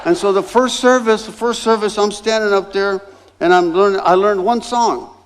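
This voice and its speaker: High-voiced storytelling pastor, man. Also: normal speed. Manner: animated, acts out voices in his anecdotes. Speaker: guest pastor. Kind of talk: storytelling sermon.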